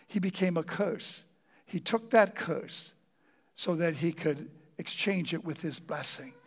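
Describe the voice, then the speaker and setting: A middle-aged pastor giving a conversational sermon, stumbling over fillers and repeated words, then slowing down to stress scripture. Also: male voice, on the high side.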